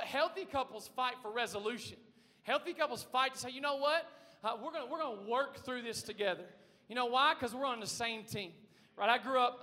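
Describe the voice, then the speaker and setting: High, bright-voiced preacher in a hall. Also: male voice. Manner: conversational, asks the congregation questions, bursts into shouts. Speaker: pastor. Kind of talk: energetic sermon. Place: church sanctuary. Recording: long reverb of a large hall.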